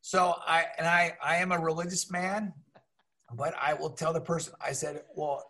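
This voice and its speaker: A middle-aged man telling casual stories as an interview guest, animated and acting out other people's voices. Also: a little high, moderate pace. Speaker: guest, teacher and minor league mascot. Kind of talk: casual storytelling.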